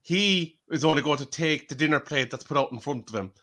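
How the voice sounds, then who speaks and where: A man's voice: on the high side, expressive, a little fast, fairly bright tone. A man with an Irish accent on a casual livestream panel, firmly arguing his point. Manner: emphatic, argues a point firmly.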